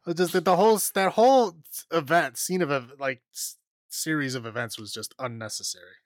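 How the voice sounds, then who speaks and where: A podcast co-host with a voice on the high side talks briskly in a casual film review chat. His delivery is rambling and exasperated, marked by many fillers and restarts, with no room sound.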